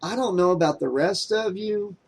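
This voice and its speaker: A smooth, easygoing young man in an audiobook , as a male narrator plays him. He talks in a casual, joking way. The voice sits slightly above a typical male pitch. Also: moderate pace. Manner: smooth, casual and lightly raised. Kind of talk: audiobook character voice.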